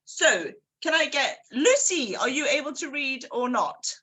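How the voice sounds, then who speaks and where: A woman hosting a book club, giving an energetic motivational talk straight to her listeners. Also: high voice, a little slow. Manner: energetic, addresses listeners directly.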